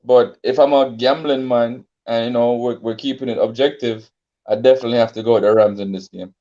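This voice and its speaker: A man with a mellow, darker voice talks through football picks in an unhurried, easygoing way. He stops and restarts often, filling gaps with ums. The audio is a bit muffled and lo-fi. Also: mid-range voice, fairly even intonation. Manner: laid-back, hesitant with many ums and restarts. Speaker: sports podcast co-host. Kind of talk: casual sports debate.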